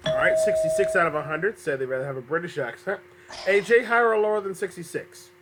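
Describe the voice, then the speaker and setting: Guy hosting a homemade game show, bright sharp voice, trips over his words, kinda under the weather. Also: high voice, quick pace, a little hiss or hum. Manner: upbeat, stumbling and self-correcting.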